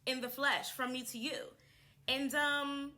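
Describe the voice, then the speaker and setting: A young woman chatting casually to camera to introduce her channel, animated and laughing often as she repeats herself. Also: sits high, measured pace.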